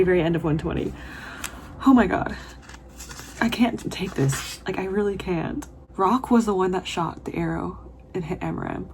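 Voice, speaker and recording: A woman's voice: lowish voice, a little hiss or hum. A woman vlogging as she reads a novel, reading passages aloud and then gushing about them with emotion, sometimes dropping to a whisper. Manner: breaks into whispers and laughter. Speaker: book vlogger.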